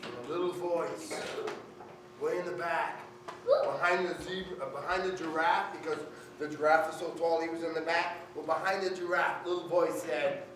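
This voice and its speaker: A man in his sixties tells a story to a room full of schoolchildren, lively and playful as he calls on them for answers. He is picked up from far away in a very echoey hall, with clear background noise around him. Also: fairly high pitch, moderate pace. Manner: animated, calls on the audience, playful.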